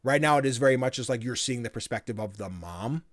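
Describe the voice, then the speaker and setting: A man co-hosting a podcast, chatting casually in a rambling way with many fillers and quick acted-out bits of dialogue. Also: mid-range voice, animated, no room sound, studio quality. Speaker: podcast co-host. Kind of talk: casual chat.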